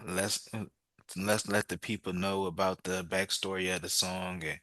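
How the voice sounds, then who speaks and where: A man's voice: low voice, flat delivery, moderate pace, sharp tone, no echo, clean studio sound. A man hosting a casual interview, upbeat and jokey, laughing along with his guest. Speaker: podcast host.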